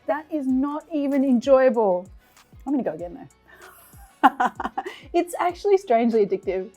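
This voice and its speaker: A woman's voice: sits high, animated, moderate pace, pauses often, mellow, soft background music. A woman hosting a cooking show, mouth burning and eyes teary from chili, exclaiming and laughing between gasps in casual chat. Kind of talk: casual food challenge chat. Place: kitchen studio.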